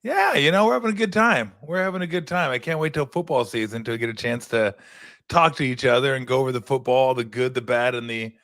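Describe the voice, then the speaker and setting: A man's voice: medium pitch, fairly quick, a bit bright, dry recording, studio quality. A man hosting a talk show, asking long, rambling, enthusiastic questions in a casual way. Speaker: host. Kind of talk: casual interview chat.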